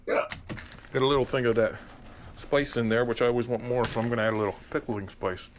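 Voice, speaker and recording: A man's voice: medium pitch, a little fast, slight background noise. A man hosting a home cooking video, demonstrating a recipe in a jokey, hammy, rambling way.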